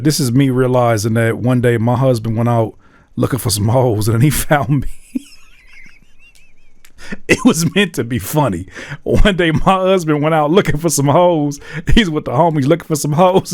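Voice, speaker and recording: A man hosting a music reaction video, talking casually, laughing often and swearing as he gets excited. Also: mid-range voice, no echo, clean studio sound.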